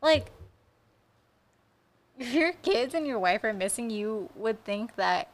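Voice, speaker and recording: A woman's voice: fairly high pitch, animated, slow pace. Blunt woman retelling a true crime. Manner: blunt, swears freely. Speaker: podcast co-host. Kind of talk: casual true-crime podcast chat.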